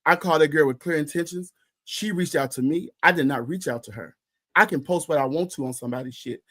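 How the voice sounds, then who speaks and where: A man's voice: a little high, quick pace, fairly bright tone. A man co-hosting a podcast in casual chat, ranting heatedly and profanely with emphatic repetition. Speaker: podcast co-host.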